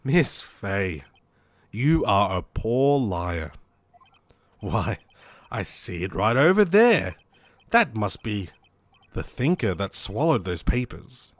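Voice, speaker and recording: A man voicing a sinister, smooth-talking male villain in a game, speaking slowly and gloatingly. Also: sing-song, no echo. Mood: menacing. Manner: slow, low, gloating delivery.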